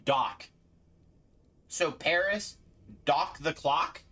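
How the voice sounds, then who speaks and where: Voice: mid-range voice, very slow, sharp tone. A game streamer giving casual live commentary, playfully exasperated and laughing often.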